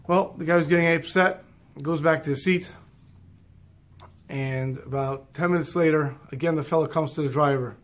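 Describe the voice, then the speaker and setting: A man telling a moral story in an animated way, dropping in Hebrew and Yiddish terms. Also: on the high side, a little fast.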